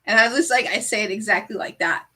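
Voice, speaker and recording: Bright, chatty woman streamer. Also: medium pitch, fast, slightly rough. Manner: chatty, heavy use of "like"; animated storyteller. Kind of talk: casual chat.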